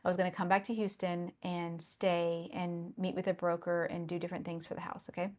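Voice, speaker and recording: A woman's voice: on the low side, level tone, fairly quick, a little mellow. A middle-aged woman telling a personal story earnestly, repeating phrases and checking in with "okay?". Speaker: consultant sharing a personal story. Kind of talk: personal testimony.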